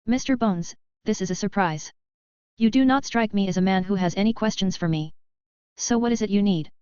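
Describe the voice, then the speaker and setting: Weary, soft-spoken male wizard teacher in an audiobook , read by a woman, dry, slightly muffled sound. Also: mid-range voice, a little fast, smooth, dry recording, natural voice. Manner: guarded, tired and soft-spoken. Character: weary, gentle male wizard professor, young but ailing.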